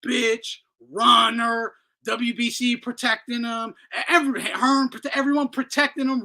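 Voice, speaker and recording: Male boxing talk host, fiery profane ranter, bright cutting voice. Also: very high-pitched, fairly even intonation, unhurried, few pauses, poor audio. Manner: heated, profane, ranting. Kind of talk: ranting commentary.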